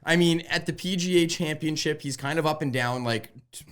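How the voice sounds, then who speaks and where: A man co-hosting a podcast with his brother, arguing his points in casual, animated chat. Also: fairly high pitch, brisk, clean tone. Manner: animated, argumentative, casual swearing. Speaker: podcast co-host, golf betting.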